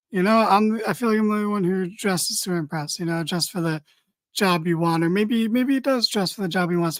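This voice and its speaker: A man's voice: high voice, dry recording. A tired man co-hosting a casual wrestling podcast, rambling with dry, mock-serious humor. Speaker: podcast co-host.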